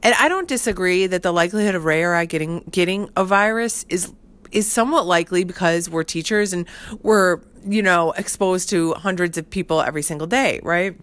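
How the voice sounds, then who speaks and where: A middle-aged woman with a somewhat low voice tells a personal story in relaxed, casual chat. She rambles and keeps filling gaps with "like" and "you know". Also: a little fast. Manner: chatty, heavy use of fillers like "like" and "you know". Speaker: podcast host.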